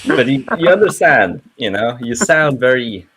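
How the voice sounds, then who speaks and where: Lively Norwegian-accented man chatting. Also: medium pitch, normal speed, breathy edge. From Norway. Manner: animated, chuckling, trails off and restarts. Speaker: panel guest. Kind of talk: casual panel chat. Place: online voice panel.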